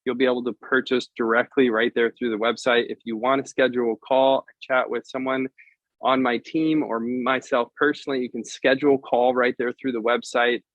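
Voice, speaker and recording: A man of middle pitch on a video call, pitching his service in an upbeat, salesy way. The sound is dry and dull, with a lo-fi edge and no room echo. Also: little pitch movement, fairly quick, a bit bright. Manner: upbeat sales pitch, spells out web addresses. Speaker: lead vendor guest. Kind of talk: casual video interview.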